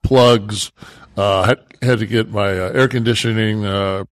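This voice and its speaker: A man in his sixties co-hosting a podcast, talking casually in a rambling, profane way, full of halting restarts. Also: lowish voice, steady tone, no echo. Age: 60s. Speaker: podcast co-host. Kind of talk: casual chat.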